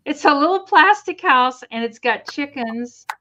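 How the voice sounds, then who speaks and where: A woman's voice: sits high, animated, unhurried, bright, forceful tone, muffled recording. A woman hosting a casual live sale, chatty and giggly, rambling as she shows items. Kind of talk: casual live-stream selling.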